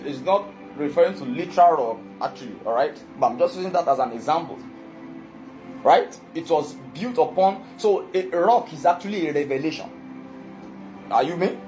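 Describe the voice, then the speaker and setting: With lively intonation and a moderate pace, a slightly mellow mid-range voice delivers an emphatic sermon, often asking the congregation whether they follow. Faint music runs behind, and the lo-fi recording sounds dull.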